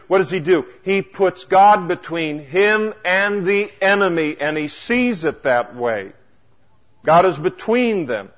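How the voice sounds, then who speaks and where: A man preaching a sermon, swinging between hushed asides and loud emphatic exclamations, with wry humorous asides. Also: a little high, lively intonation, a little slow. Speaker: pastor.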